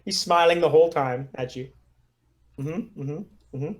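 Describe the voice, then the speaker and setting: A man's voice: fairly high pitch, unhurried. A man narrating as game master in a loose, chatty way with many fillers. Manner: loose, lots of fillers and laughs.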